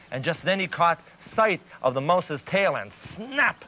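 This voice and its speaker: A man with a bright, fairly high voice tells a children's story in a gentle, animated way, leaning into each turn of the tale. The sound is dull and lo-fi like an old 1990s TV broadcast, with faint music behind. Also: a little slow. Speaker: children's TV host.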